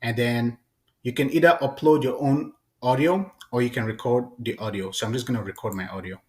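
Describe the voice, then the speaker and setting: A man hosting a casual, chatty software tutorial. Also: medium pitch, fairly quick. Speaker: tutorial host.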